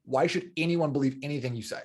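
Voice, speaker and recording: A man's voice: a little high, quick pace, a little mellow. Earnest man podcast host. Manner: earnest, emphatic, repeats phrases for stress. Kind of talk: casual podcast interview.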